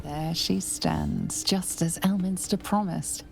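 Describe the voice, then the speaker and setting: A woman narrating a video game in a hushed, measured, evocative way. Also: lowish voice, wildly swooping pitch, vocal fry, music in the background, full character voice. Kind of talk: scripted narration.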